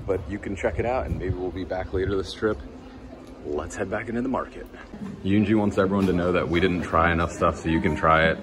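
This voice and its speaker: A man talking casually as a travel vlogger, relaxed and rambling, a little tired, touring cafes and streets. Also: low voice, very noisy. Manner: relaxed, rambling, enthusiastic about food. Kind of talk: casual walk-and-talk vlog. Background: music.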